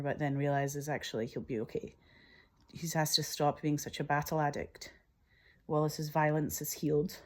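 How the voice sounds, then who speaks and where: A woman's voice: sits low, a little mellow. A woman filmmaker retelling her own screenplay scene by scene, enthusiastic and emotional, often laughing at herself.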